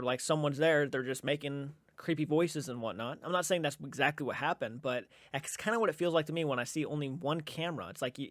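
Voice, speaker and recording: A man's voice: fairly high pitch, no room sound, clean studio sound. A man hosting a reaction video, giving casual commentary and thinking aloud hesitantly with many fillers.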